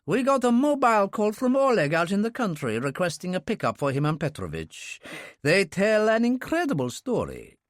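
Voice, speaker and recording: A man's voice: high-pitched, huge pitch swings, normal speed, no room sound, studio quality, pitched above the performer's own voice. A man reading an audiobook, voicing an anxious, apologetic friend in a raised, pleading tone. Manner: pleading, agitated.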